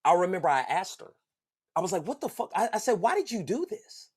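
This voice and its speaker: A man hosting a podcast, telling a personal story in a casual, slangy, animated way and laughing along the way. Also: sits high, fairly quick, husky. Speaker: podcast host.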